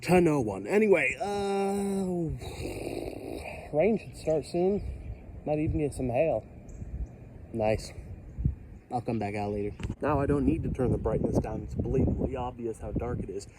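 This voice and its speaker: A man's voice: mid-range voice, lively intonation, unhurried, pauses often. A man filming a storm outside his house, rambling casually with jokey, self-deprecating asides. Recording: outdoor wind and storm noise.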